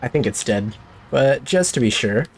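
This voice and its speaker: A man's voice: medium pitch, lively intonation, moderate pace, slight background noise. Jumpy man streaming a horror game. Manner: jumpy, talks to himself, jokey. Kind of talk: let's play commentary.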